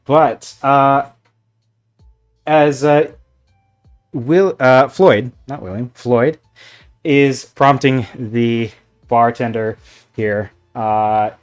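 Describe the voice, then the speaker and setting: Easygoing male game master, slow and rambling, faint music behind. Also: mid-range voice. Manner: rambling, filler-heavy, easygoing. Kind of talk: narrating a tabletop game.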